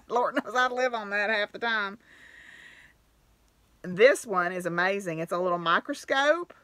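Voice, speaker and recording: A woman hosting a knitting podcast chats casually to the camera, gushing with gratitude, laughing, and exclaiming often. Her mid-range voice swoops wildly in pitch and is fairly bright, and she speaks slowly with long pauses in a space with no echo.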